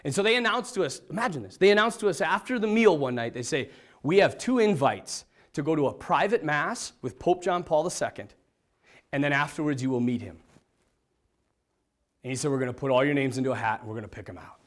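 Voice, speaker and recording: Animated storytelling priest, a man. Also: a little high, a little fast. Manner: lively, dramatic swings from hushed to excited, laughs often. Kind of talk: animated storytelling talk to an audience.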